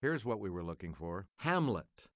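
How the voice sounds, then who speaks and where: A man hosting a quiz game, reading clues and answers in a crisp, measured announcer delivery. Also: low voice, big pitch swings, heavy background noise. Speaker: quiz show host.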